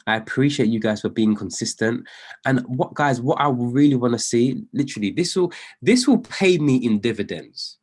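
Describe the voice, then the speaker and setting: An earnest, encouraging trading coach delivers a motivational talk over a live video call, driving points home through repetition. His mid-range voice is expressive and moderately paced, swinging from loud pleading to near-whispers.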